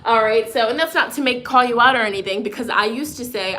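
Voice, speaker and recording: A woman's voice: fairly high pitch, fast, pushed and bright. A woman tarot reader giving a chatty weekly forecast. She keeps checking in with "okay?" and is sniffly from a runny nose. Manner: encouraging, chatty, frequent "okay?" check-ins; reads out viewer comments. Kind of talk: live tarot forecast reading.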